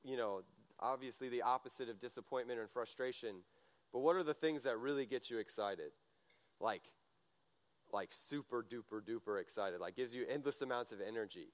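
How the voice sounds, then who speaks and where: A man with a mid-range voice delivers a casual sermon at a moderate pace. He tells stories in a chatty, animated style, full of fillers and restarts.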